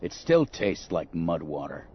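A man voicing a groggy, grumbling roguish male pilot in an audiobook, low and sarcastic. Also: sing-song, unhurried, breathy edge, muffled recording, exaggerated voice. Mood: grumpy. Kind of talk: audiobook character voice.

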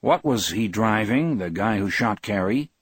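A thoughtful, wary suburban man talks in a plain conversational way, read by a male narrator. The low, husky voice is recorded dry. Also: animated, a little slow, dry recording, heavily acted.

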